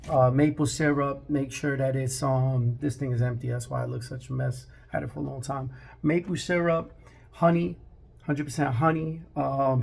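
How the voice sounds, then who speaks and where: Casual barber vlogger, gravelly voice, chatty and conversational, talking to camera in his shop. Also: medium pitch, darkish tone. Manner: conversational, with frequent "right?" tags. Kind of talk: casual vlog talk.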